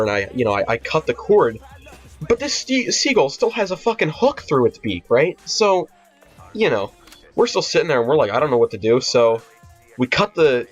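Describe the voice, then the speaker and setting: Over faint music in a dull, lo-fi recording, a teenage vlogger speaks at a medium pitch. He tells his story casually and profanely, rambling along with constant fillers and restarts.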